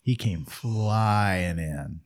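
Man, very low voice, folksy easygoing storyteller, casual hunting chat. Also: drawn-out words. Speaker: podcast co-host.

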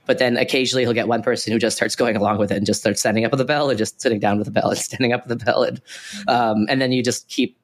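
A man's voice: medium pitch, steady tone, rapid-fire. A man co-hosting a podcast who explains things in a casual, rambling way, full of "like" fillers and restarts. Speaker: podcast co-host.

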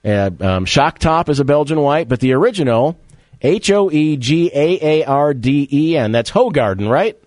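A man's voice: fairly high pitch, animated, normal speed, a little mellow, no echo. A man hosting a casual radio talk show, joking and quizzing his co-host.

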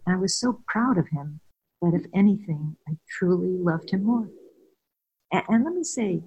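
A woman's voice: on the low side, animated, moderate pace, breathy edge, lo-fi sound. An older woman, a guest and former caregiver, tells personal stories candidly and earnestly, laughing now and then. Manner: warm, earnest, laughs while telling stories.

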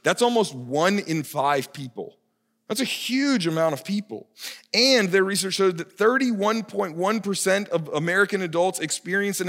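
A man's voice: high voice, fairly bright tone. A young adult man, a family discipleship pastor, preaching a sermon in a conversational, self-deprecating way. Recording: long reverb of a large hall.

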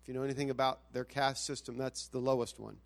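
A man's voice: medium pitch, level tone, fast talker, vocal fry. Earnest pastor man introducing a guest. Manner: earnest, stumbling restarts. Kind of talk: church introduction.

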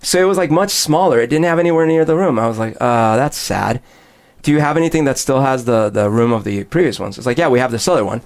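A man's voice: mid-range voice, racing, few pauses. Man, conversational storyteller who slips into other people's voices mid-anecdote. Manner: animated storyteller, acts out both sides of dialogue. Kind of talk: casual chat.

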